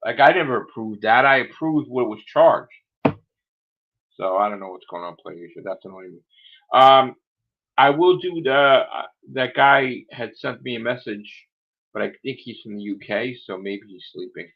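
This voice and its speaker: A man's voice: mid-range voice, lively intonation, unhurried. A man hosting a casual livestream chat, rambling through grumbling asides while losing his voice. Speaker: livestream host. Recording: dull lo-fi sound.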